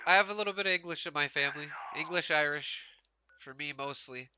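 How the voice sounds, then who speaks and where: Male game streamer from Canada, rambling casual chatter, voice on the high side, very bright tone. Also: a little fast, slight background noise. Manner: rambling, laughs often, heavy use of "like". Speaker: gaming streamer. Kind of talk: casual chat while live-streaming a game.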